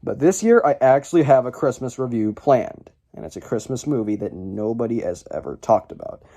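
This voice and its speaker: A man's voice: mid-range voice, animated, a little fast, dark tone. A young man hosting a casual video, talking to camera in a rambling, chatty way, full of fillers and restarts, and joking at his own expense. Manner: jokey and self-deprecating. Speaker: YouTube list-video host.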